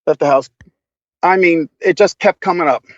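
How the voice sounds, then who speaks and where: A man tells stories as a podcast guest in a loose, casual way, laughing often and swearing freely. His voice sits a little high, and the sound is dull and lo-fi. The recording is dry. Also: moderate pace, dry recording. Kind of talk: casual storytelling.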